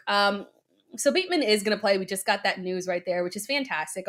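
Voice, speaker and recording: A woman hosting a live stream segment, upbeat as she talks through viewer questions. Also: mid-range voice. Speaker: show host answering questions.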